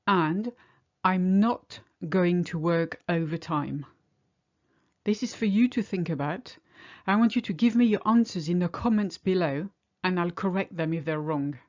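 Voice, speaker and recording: A woman with a fairly low voice teaches a French lesson, explaining in English and slowing right down to say each French phrase clearly. The sound is a little dull and lo-fi. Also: darkish tone. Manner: clear, deliberate, slows down to model French phrases. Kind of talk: language lesson.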